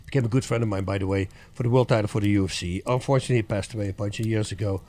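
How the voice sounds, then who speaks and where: A middle-aged man, a guest on an interview, telling stories in a lively casual way, laughing often and acting out what people said. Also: lowish voice, very fast. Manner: animated storyteller, laughs often, acts out quotes. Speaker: guest, former fighter.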